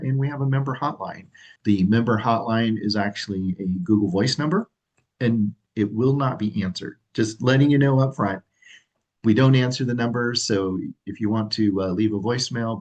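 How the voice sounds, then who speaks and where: A man hosts a livestream, upbeat and a bit rambling. His voice sits low, and he fills his talk with ums and uhs. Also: husky, rough recording. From California. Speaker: association president and livestream host. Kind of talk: livestream presentation.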